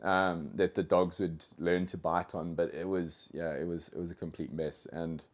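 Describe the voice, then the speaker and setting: A man with a South African accent talks as a guest on a casual podcast. His voice sits very low, and his telling wanders, doubling back with fillers and false starts. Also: flat delivery, normal speed. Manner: rambling, with frequent restarts and fillers. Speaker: guest, dog trainer.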